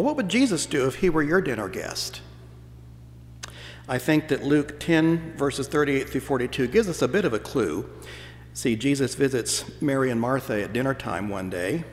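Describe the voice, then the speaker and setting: A man preaching a sermon as pastor, telling stories in a folksy, playful way to his congregation. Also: medium pitch. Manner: folksy storytelling with playful voices. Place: church sanctuary. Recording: church hall reverb.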